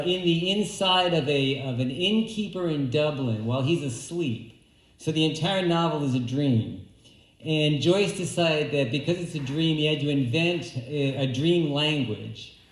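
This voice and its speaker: A man at a community hall open mic, casually explaining what he is about to read, relaxed and a little halting. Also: fairly high pitch. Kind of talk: casual introduction to a reading. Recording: roomy hall echo.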